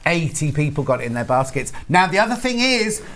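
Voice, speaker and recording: A man hosts a live shopping broadcast, keeping things urgent and jokey while he counts down the stock. His voice is fairly high for a man, with a faint hiss in the studio. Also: very animated, fairly quick. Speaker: shopping channel presenter. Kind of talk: live sales presenting. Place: television studio.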